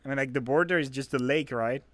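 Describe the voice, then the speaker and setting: A man's voice: medium pitch, fast, a bit bright. A man with a French accent, a native French speaker, chatting casually on a stream in a playful, teasing way. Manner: playful, teasing, laughs easily. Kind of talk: casual chat.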